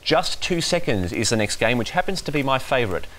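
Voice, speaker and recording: Playful quiz host, lively voice. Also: mid-range voice, brisk, slight background noise. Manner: jokey, playful, laughs at own lines. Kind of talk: hosting a pop-culture quiz. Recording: music playing behind the voice.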